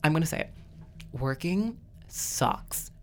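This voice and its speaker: A young woman from Hong Kong and Singapore in casual chat, brash and animated as she tells stories. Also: low voice, slow, a little hiss or hum. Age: young adult. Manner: brash, animated storyteller acting out quoted voices.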